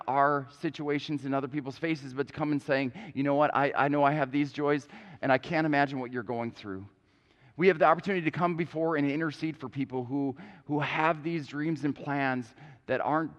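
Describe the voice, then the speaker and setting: A man preaching a sermon as a pastor, earnest, often repeating words as he starts a phrase, with an Upper Midwest American accent. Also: medium pitch. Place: church sanctuary. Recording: long church hall reverb.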